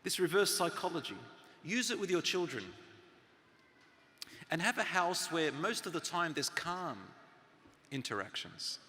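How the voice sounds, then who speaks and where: A middle-aged man delivers an earnest sermon, his bright voice ringing through a reverberant hall. He swings from loud emphasis down to soft, hushed tones. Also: on the high side, animated, measured pace, long pauses. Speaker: Islamic lecturer.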